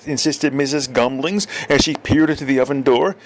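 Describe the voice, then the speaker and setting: A man reading absurdist comic fiction aloud, deadpan and expressive. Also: mid-range voice, moderate pace. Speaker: storyteller.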